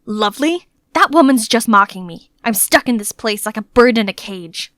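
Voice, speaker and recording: A woman voicing a moody, fastidious young male prince in an animated story, snapping out curt commands. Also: a little high, no room sound, clean studio sound. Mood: bitter.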